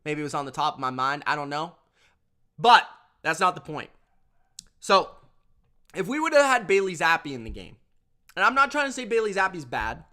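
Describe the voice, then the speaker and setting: A man's voice: a little high, very animated, normal speed, pauses often, sharp tone. A man hosting a sports review show, ranting emphatically in casual talk, repeating himself and calling listeners bro. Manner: emphatic, repetitive, addresses viewers as bro. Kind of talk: casual opinion rant.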